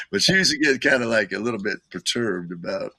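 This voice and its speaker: An older man, a musician guest, telling rambling stories in casual talk, full of "you know" and quick laughs. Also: fairly low pitch, sing-song, gravelly, sharp tone, husky, no echo. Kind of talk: casual storytelling.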